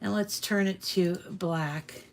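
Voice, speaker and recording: A woman's voice: fairly low pitch, fairly even intonation, slow. A woman hosting a casual crafting tutorial at home, chatty and meandering with frequent ums and restarts, a little out of breath. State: slightly out of breath. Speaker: crafting channel host. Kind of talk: casual screen-share tutorial.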